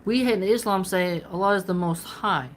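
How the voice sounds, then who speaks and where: A woman's voice: medium pitch, normal speed, a little hiss or hum, rough recording. A woman hosting a philosophy channel, reading a classic text aloud and breaking off into chatty, playful asides.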